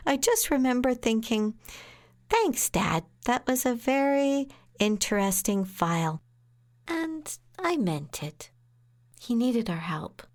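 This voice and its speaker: A woman who is a lawyer and podcast host, telling an anecdote in a lively way, acting out quotes and laughing along. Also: medium pitch. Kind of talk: anecdotal storytelling.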